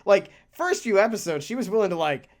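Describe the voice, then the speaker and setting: A podcast co-host in casual chat, talking in a rambling, animated way, swearing casually and laughing often. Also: medium pitch, fairly quick.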